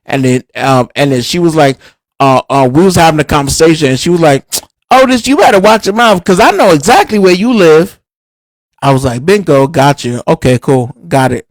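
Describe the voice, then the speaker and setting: A man airs a grievance on a livestream, swearing freely and circling back over the same points. His voice sits slightly high for a man. The sound is close and dry, with no room echo. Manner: angry, profane, repeats himself, many fillers. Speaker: livestream host. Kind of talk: heated livestream rant.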